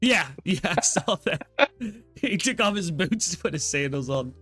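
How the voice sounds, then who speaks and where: A man's voice: sits high, expressive, measured pace, pushed and bright, slightly rough, soft background music. A man hosting a live manga reaction, reading panels aloud and laughing and swearing as he goes. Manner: reads dialogue aloud with shifting voices, laughs often, swears casually. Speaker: reaction channel host.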